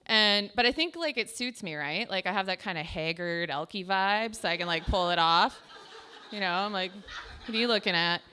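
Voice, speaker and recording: A woman's voice: medium pitch, animated, normal speed, sharp tone, smooth. A young adult woman telling self-deprecating stand-up stories in a chatty way, full of "like". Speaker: stand-up comedian. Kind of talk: stand-up comedy storytelling. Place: small comedy show stage.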